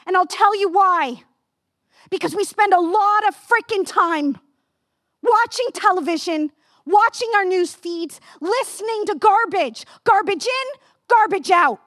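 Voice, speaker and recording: A woman in her fifties preaching a sermon with passion, asking the listeners direct questions and rising to near-yelling. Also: very high voice, unhurried, long pauses, no echo, studio quality. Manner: asks the audience direct questions.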